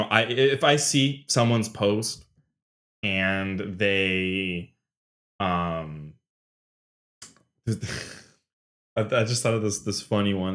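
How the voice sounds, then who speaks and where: A man's voice: deep voice, fairly bright tone. A young man in casual chat, rambling with lots of fillers, laughing often and acting out quotes.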